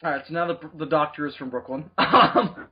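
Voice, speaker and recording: A man's voice: fairly high pitch, brisk, lo-fi sound. A man co-hosting a casual comedy podcast, swearing freely and tripping over his words. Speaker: podcast co-host.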